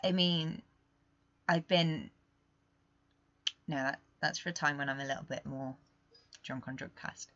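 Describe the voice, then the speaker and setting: A young woman hosting a podcast, talking candidly in a rambling, confessional way that swings between quiet and emphatic. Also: sits low, steady tone, a little slow, long pauses, dry recording, dull audio. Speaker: podcast host. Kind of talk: casual confessional monologue.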